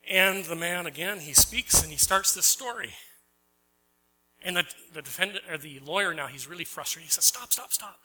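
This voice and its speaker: Bright, high-voiced male preacher, emphatic. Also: normal speed, slight background noise, low-quality recording. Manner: storytelling with voiced characters and questions to the congregation; swings between loud emphatic lines and soft quiet ones. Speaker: pastor. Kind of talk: sermon.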